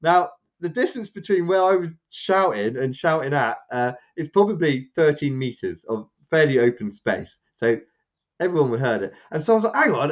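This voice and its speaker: A man, a podcast co-host, rambling through a casual anecdote and acting out what others said. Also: highs cut off. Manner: rambling, animated, acts out quotes with raised pitch. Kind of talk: casual storytelling chat.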